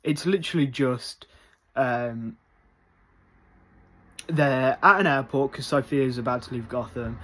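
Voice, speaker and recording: A man giving a casual spoiler review, rambling with lots of fillers and bursting into loud excitement. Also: mid-range voice, unhurried, pauses often. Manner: rambling, many fillers, gets loudly excited.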